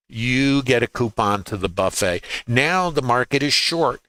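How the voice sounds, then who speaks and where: Brooklyn-accented male trading teacher, bright and forceful, folksy, quippy, rhetorical. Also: medium pitch, lively intonation, a little slow, clear, resonant tone, no echo. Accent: New York, Brooklyn. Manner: folksy, quips and rhetorical questions. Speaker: trading educator. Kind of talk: livestream market lesson. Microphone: laptop.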